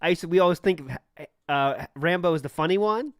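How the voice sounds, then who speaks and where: A man in casual podcast talk with a fairly high voice, blunt and quick to swear. He acts out what others said in short quoted bits. The sound is dry and close, with no room around him. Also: no room sound. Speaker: podcast co-host.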